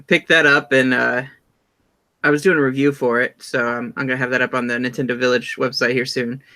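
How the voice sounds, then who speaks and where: Podcast co-host, male, casual and halting, bright tense timbre, headset mic. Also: medium pitch, level tone. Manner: hesitant, lots of ums. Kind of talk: casual chat. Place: home computer setup.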